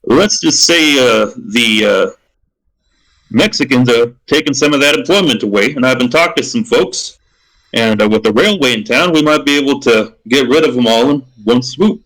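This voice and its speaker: A man's voice: medium pitch, animated, moderate pace, a bit bright, poor audio. A man voicing a smug, scheming rich businessman who drawls slyly and hesitates with many fillers.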